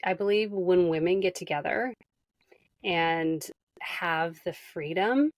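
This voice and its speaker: Woman podcast host; lowish voice, dry close sound, affirming and chatty. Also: takes it slowly, no echo. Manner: affirming, emotional, "you know" fillers. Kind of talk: casual interview chat.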